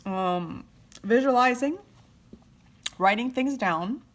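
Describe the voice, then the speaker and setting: A middle-aged woman chatting on a live stream while doing her makeup, heartfelt and at times tearful, often trailing off soft. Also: fairly high pitch, animated, takes it slowly. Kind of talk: emotional live chat. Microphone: phone or webcam live stream.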